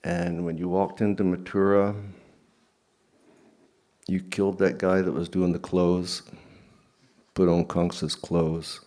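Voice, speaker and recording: A man's voice: low voice, little pitch movement, takes it slowly, long pauses, warm tone. A man voicing a devoted male companion who reminisces in a casual, rambling way. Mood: reminiscing.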